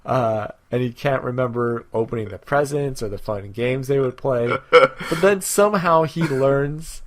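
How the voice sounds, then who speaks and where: A young adult man co-hosting a podcast, in casual chat with dry, deadpan jokes. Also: mid-range voice, a little slow. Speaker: podcast co-host.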